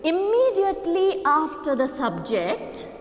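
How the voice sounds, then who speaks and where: A woman's voice: high-pitched, wildly swooping pitch, unhurried, faint music behind. A woman with an Indian English accent teaching a grammar lecture, explaining step by step and often checking with "okay?" and "right?". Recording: echoey, reverberant room.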